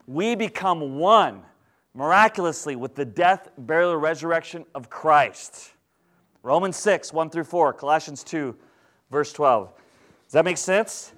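A man preaching as pastor, teaching in a conversational, animated way and asking the congregation questions. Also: a little high, a little slow. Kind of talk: sermon.

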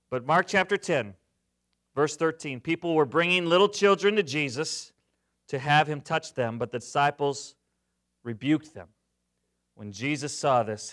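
A middle-aged man preaching a sermon, jokey and animated, swinging from loud to hushed. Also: a little high. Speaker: pastor.

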